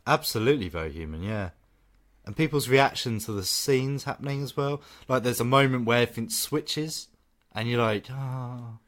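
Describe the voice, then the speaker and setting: A man's voice: mid-range voice, brisk, dry recording. A man co-hosting a film podcast, chatting enthusiastically and reading scripted reviews. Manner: enthusiastic, animated. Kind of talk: casual chat and scripted review narration.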